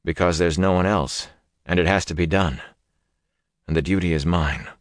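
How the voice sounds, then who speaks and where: A man's voice: low-pitched, normal speed, no room sound, studio quality, natural voice. A man voicing a weary, bitter young hero. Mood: resolved. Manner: drowsy and bitter. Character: wounded, weary young male farmhand hero.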